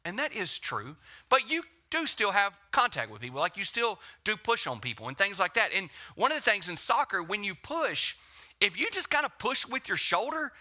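Male pastor, 30s, bright and slightly high voice, casual storytelling sermon. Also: moderate pace. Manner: conversational, animated storytelling with acted quotes and hushed whispers. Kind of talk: sermon with personal stories.

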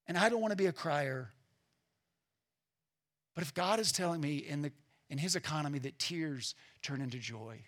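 Earnest man preaching, bright and husky. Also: a little high. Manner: earnest, emphatic preaching that softens into quiet reflection. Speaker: pastor. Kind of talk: sermon.

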